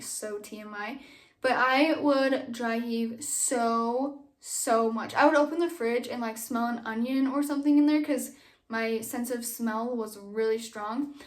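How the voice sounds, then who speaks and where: A young woman vlogger chatting casually to camera from a nursery at home, rambling with lots of fillers and a little out of breath. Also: fairly high pitch.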